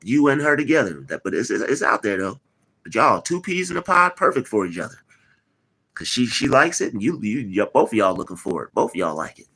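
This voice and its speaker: A man's voice: on the low side, very animated, fairly quick, fairly bright tone. A man hosting a live stream, talking casually, teasing and replying to his chat with lots of repetition. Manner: mocking, repetitive, replies to chat.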